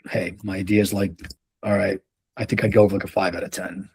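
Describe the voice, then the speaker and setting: A man with a slightly low, husky voice leads a sales coaching session. He talks loosely and profanely, with plenty of restarts and anecdotes. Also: steady tone, quick pace, a little mellow. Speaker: sales leadership trainer. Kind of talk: casual coaching talk.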